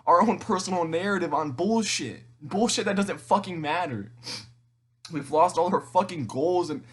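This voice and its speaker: A teenage man in an emotional monologue to camera, tearful and halting, rambling with frequent restarts and swearing. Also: sits high, slightly rough. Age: teens. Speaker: vlogger.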